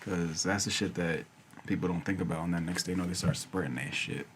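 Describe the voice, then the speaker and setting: A man's voice: sits low, brisk, a little hiss or hum. Profane young man, casual podcast banter. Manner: profane, laughs often, animated storytelling. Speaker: podcast co-host. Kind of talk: casual chat.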